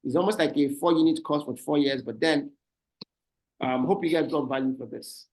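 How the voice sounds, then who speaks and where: A man with a Nigerian accent giving a fast online business presentation, often ending points with "right?". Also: a little high, a little mellow, rough recording. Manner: fast, repeats "right?" as a tag. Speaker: guest speaker. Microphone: video call.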